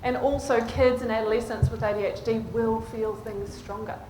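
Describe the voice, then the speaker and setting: A woman's voice: a little high, steady tone, moderate pace, dark tone, reverberant, slight background noise, low-quality recording. A woman, a clinician, giving a conference presentation and often checking in with the audience. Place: conference hall.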